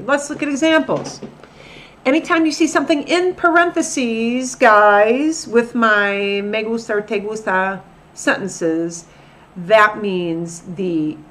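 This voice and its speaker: Slow, lively-voiced woman teaching a lesson. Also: mid-range voice. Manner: slow, deliberate explanations with repeated example sentences. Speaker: Spanish teacher. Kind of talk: recorded classroom lesson.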